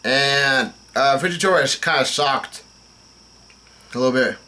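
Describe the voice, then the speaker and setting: A man's voice: mid-range voice, unhurried, pushed and bright. A young man casually reading comic dialogue aloud and commenting, with many fillers and restarts as he goes. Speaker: manga reaction host.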